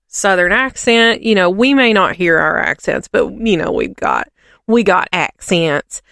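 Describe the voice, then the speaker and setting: Woman podcast co-host, rambling rant, smooth voice, dry close sound. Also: medium pitch, expressive, measured pace, fairly bright tone, no room sound. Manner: rambling, ranting, frequent fillers. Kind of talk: casual chat.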